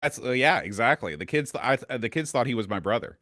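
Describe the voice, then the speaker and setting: A man in his thirties chats on a podcast with a lively, swinging pitch. He stops and restarts his sentences often, and the close mic sounds dry. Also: dry recording. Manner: halting, full of ums and restarts. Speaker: podcast co-host. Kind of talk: casual chat.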